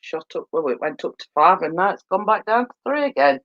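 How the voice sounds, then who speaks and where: A woman's voice: fairly low pitch, sing-song, fairly quick, a bit bright, muffled recording. A woman hosting a casual livestream, tired and coming down with a cold, rambling with lots of fillers and repeated phrases. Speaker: livestream host. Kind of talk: casual chat. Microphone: phone.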